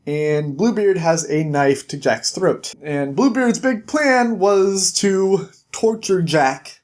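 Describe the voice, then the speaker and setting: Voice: medium pitch, animated, slow, darkish tone. Chatty comic book recapper. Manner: chatty, retells scenes with quoted lines.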